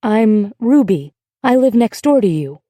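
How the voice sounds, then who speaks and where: A woman voicing a gentle, glamorous young neighbor. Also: on the high side, sing-song, a little slow, dry recording, clean studio sound. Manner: gentle and kindly.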